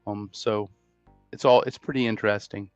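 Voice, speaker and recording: A man's voice: on the low side, steady tone, normal speed, dry recording, soft background music. A man hosting a casual podcast chat, talking in a hesitant way with many restarts. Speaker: podcast host. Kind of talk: casual conversation. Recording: dry, muffled mic sound.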